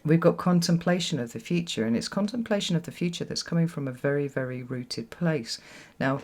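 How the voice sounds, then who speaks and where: At home with children around, a tarot reader talks fairly quickly in a mid-range, darkish voice. The solo reading to camera is reflective, full of repeated words for emphasis and "right?" check-ins.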